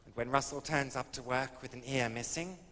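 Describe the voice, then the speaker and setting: A man's voice: medium pitch, brisk, bright, forceful tone. Man, stand-up comedian, camp and arch, innuendo-heavy delivery, long hall echo. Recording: echoey old live stage recording with faint hiss.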